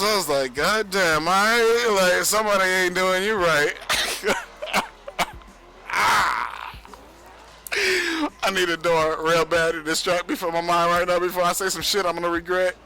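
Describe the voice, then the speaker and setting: A man's voice: sits high, moderate pace, gravelly, pushed and bright, slight background noise, rough recording. A young man rambling casually on a livestream, profane and boastful, laughing often. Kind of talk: rambling casual stream monologue.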